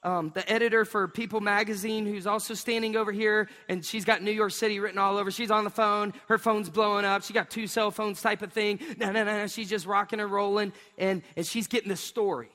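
A man, preaching a sermon in an animated storytelling way. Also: sits high, fairly quick, few pauses. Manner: storytelling, animated, acts out voices. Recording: long hall reverb.

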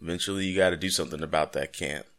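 A man's voice: low-pitched, steady tone, racing, fairly bright tone. A man co-hosting a casual podcast, joking and rambling through his explanations. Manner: jokey, rambling, playful asides. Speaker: podcast co-host.

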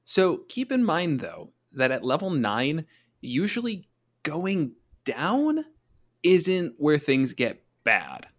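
A man co-hosting a casual tabletop gaming talk, chatty, often slipping into quick voices for monsters and players. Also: fairly high pitch, wildly swooping pitch. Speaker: podcast co-host, game master.

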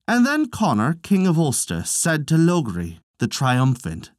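A male narrator reads an old heroic tale aloud at a slow, unhurried pace. His pitch rises and falls widely as he tells the story. The sound is dry and close, with no room echo. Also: huge pitch swings. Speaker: podcast narrator. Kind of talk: scripted audiobook narration.

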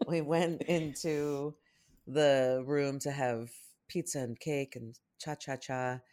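A parent telling a rambling, animated story in casual podcast chat, often acting out what people said. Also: mid-range voice, slow pace. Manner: rambling, animated anecdotes with acted-out quotes.

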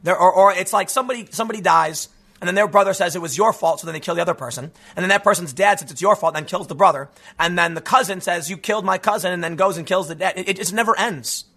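A man giving a casual, animated commentary monologue, tossing in "dude" and "man" as he talks. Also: high-pitched, fast talker, gravelly, slightly rough. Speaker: political commentator.

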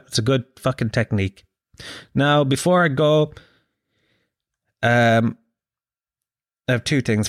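A man's voice: mid-range voice, dry recording, clean studio sound. A young Irish man hosting a podcast, telling rambling, profane comic stories in a jokey monologue. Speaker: podcast host.

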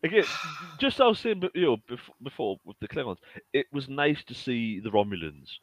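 A man's voice: medium pitch, big pitch swings, fairly quick, no room sound, lo-fi sound. A man on a casual podcast, self-deprecating and hesitant, often restarting his sentences. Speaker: podcast co-host. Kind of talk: casual chat.

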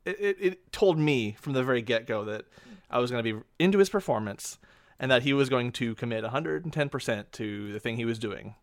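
Dry-sounding man thinking out loud. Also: medium pitch, expressive, fairly quick, dry recording. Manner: rambling, hesitant, thinking aloud. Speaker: podcast co-host. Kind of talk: casual movie discussion.

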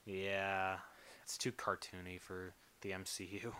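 A man's voice: low voice, monotone, bright, forceful tone, clean tone. Easygoing joking podcast guy. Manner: easygoing, quick to agree and joke. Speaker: podcast co-host. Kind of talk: casual chat.

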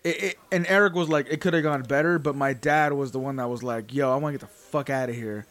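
A man's voice: medium pitch, fast talker, a bit bright. Laid-back joking podcast host, a man. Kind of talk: casual podcast chat.

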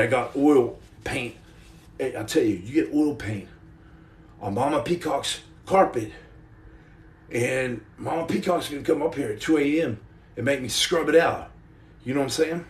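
A man's voice: a little high, darkish tone, reverberant, distant mic. A man in his forties hosting a casual livestream from home, rambling and joking while he paints and answers viewer comments. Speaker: livestream host. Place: indoor room at home.

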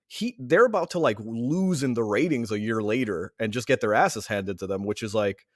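A man's voice: medium pitch, normal speed, no room sound, clean studio sound. A man, a returning podcast guest and a father, ranting sarcastically in casual chat. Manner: sarcastic, animated rants.

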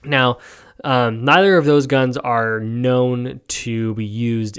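Man, podcast host, from new york, rambling, full of ums, sleepy, yawning, smooth clear voice. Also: medium pitch, steady tone, a little slow, a bit bright. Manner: rambling, many ums and restarts, opinionated. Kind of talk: casual solo podcast monologue.

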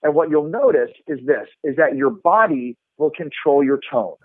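A man coaching sales technique in an animated, instructive way, demonstrating tones with his own voice, heard over a remote line. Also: on the high side, normal speed, no room sound. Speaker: sales trainer. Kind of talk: instructive podcast talk. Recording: tinny phone-like line.

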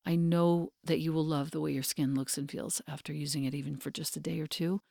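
Soft-spoken low-voiced woman podcast host. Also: fairly even intonation, a little fast, creaky, no echo, clean studio sound. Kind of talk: podcast host read and guest introduction.

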